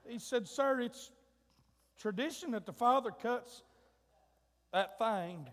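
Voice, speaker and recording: A man preaching a sermon, telling a comic family story in a folksy way, his voice rising to shouts and drawing out words for emphasis. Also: very high voice, slow pace, long pauses. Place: church sanctuary. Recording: long hall reverb.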